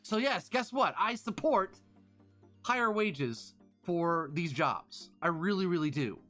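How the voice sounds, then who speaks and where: A man live streaming, telling a rambling story in a casual, animated way to his chat. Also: sits high, takes it slowly, faint music behind. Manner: animated, rambling, full of restarts and fillers.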